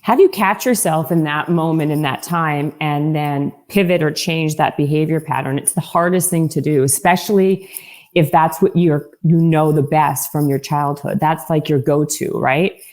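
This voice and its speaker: Woman, podcast host, lower pitch, curious, probing questions. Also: normal speed, darkish tone. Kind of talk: interview conversation.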